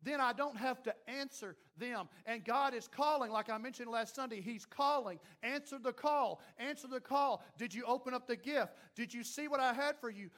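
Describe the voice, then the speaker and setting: A man preaching a sermon as pastor, acting out the voices of doubters and of God, swinging from loud to hushed. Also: extremely high pitch, moderate pace, few pauses.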